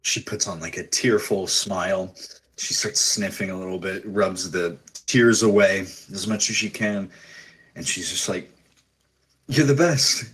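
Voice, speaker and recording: A man's voice: low-pitched, fairly even intonation, measured pace, a bit bright, rough recording. A man narrating a tabletop role-playing game as game master, describing scenes in a loose, storytelling way.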